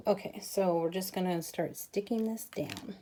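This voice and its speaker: A woman's voice: mid-range voice, normal speed, mellow, a little hiss or hum. A woman hosting a craft tutorial, chatting casually with viewers as she works. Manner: chatty, talks to viewers while working. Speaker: crafting channel host.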